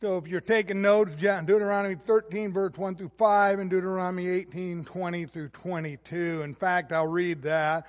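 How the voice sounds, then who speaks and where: A man preaching an expository sermon, emphatic, rising to loud stressed words and then dropping low. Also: level tone, normal speed, hardly any pauses, in a large hall.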